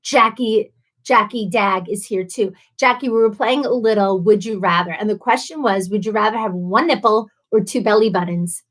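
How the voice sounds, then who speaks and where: Reading out viewer comments during a casual live stream, this woman laughs frequently and sounds a bit tipsy from wine. She speaks at a moderate pace in a mid-range, slightly bright voice.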